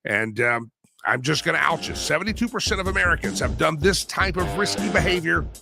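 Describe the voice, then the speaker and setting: A man hosting a talk radio show, his voice hoarse and raspy and wearing out, talking in an animated, teasing way that swings between projecting and mumbling. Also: fairly high pitch, a little fast, over music. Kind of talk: opinionated talk radio monologue.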